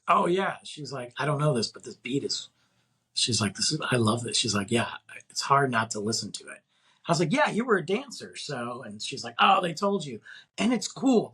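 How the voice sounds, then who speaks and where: A man in his forties tells a dating story at a casual podcast host's pace, rambling with endless fillers and acting out both sides of the talk. His voice is strongly husky and breathy, sitting at an ordinary middle pitch. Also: a bit bright. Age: 40s. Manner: rambling, heavy filler words, acts out both sides of a dialogue. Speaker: podcast host. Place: Texas.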